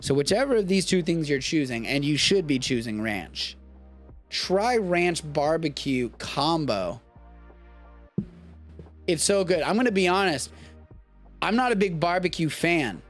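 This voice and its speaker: Animated young man riffing casually. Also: fairly high pitch, measured pace, pauses often, soft background music. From Texas. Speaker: host of a live streamed show. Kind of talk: casual live-stream chat.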